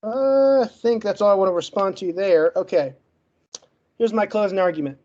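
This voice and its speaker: A man's voice: sits high, dark tone, dull audio. A man who stutters and gets stuck on words, laying out a closing argument in a podcast debate point by point. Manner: argumentative, lays out points in rapid lists. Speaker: debate guest.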